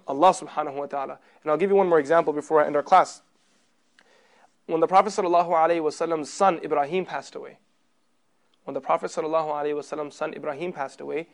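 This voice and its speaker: A man delivers a religious class like a sermon, emphatic in tone. He puts rhetorical questions to the audience and alternates loud emphasis with quiet, low stretches.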